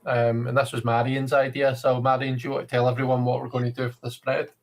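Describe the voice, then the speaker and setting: A man's voice: medium pitch, monotone, fast talker. A man co-hosting a tarot livestream, chatting in an easygoing, rambling way. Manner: easygoing, rambling, lots of fillers. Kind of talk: casual chat.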